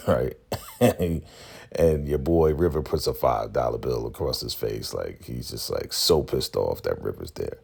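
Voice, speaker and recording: A man's voice: extremely low pitch, measured pace, creaky, darkish tone, breathy edge. A man hosting a casual TV episode recap, chatty and slangy, laughing along as he retells scenes. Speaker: show recap host.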